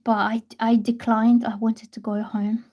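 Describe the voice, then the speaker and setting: Soft, slow-talking woman chatting live. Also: a little high, flat delivery, lo-fi sound. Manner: soft, chatty storytelling with hesitant restarts. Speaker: tarot reader on a livestream. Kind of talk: casual livestream chat.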